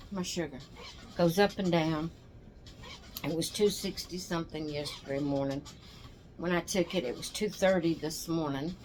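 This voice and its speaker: Worn out older lady rambling on her doll vlog, lowish voice, bit of hiss behind. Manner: rambling, tired, yawning. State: exhausted. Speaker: doll channel host. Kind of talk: casual chat to camera.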